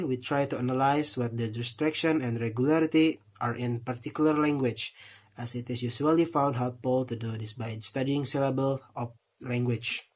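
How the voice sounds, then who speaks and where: A young man with an Indonesian accent, reading a phonetics lesson aloud carefully and often restarting words. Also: medium pitch. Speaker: student presenting a recorded test.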